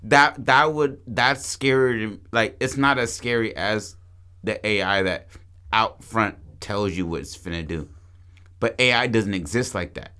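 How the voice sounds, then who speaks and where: Bright-voiced, profane male podcast host. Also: on the low side, measured pace, clean tone. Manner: profane, animated storytelling with many restarts. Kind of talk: casual chat, pitching a movie plot.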